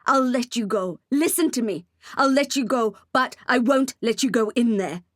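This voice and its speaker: A woman's voice: fairly high pitch, expressive, moderate pace, fairly bright tone, dry recording, clean studio sound. A woman reading an audiobook, voicing a stubborn, protective young male vampire who pleads with earnest firmness. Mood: firm. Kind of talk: audiobook character voice.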